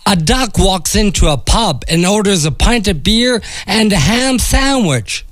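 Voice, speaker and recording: A man co-hosting a comedy show, telling a long joke as an unhurried storyteller. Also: sits high, animated, fairly bright tone, no room sound, clean studio sound, soft background music.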